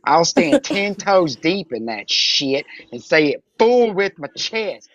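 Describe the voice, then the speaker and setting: A woman's voice: on the low side, sing-song, slow pace, no room sound, highs cut off. A woman chatting on a live-stream panel, brash and swearing constantly. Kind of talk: profane casual chat.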